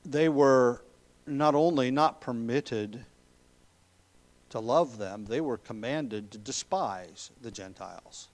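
A man preaching an expository sermon as a pastor, emphatic on key words, with frequent ums and throat clearing. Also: mid-range voice, takes it slowly, darkish tone.

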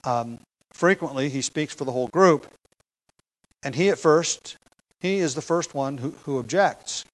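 Guy preaching a sermon, kinda high voice, emphatic, explains the text with some ums. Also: unhurried, rough recording. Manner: expository teaching, emphatic, with occasional fillers and chuckles.

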